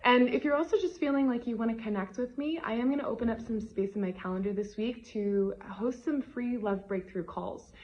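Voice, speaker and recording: A woman's voice: fairly high pitch, fairly quick, hardly any pauses, a little mellow, highs cut off. A woman love coach talking to her audience in a motivational vlog, emphatic and gushing, tagging her points with "right?".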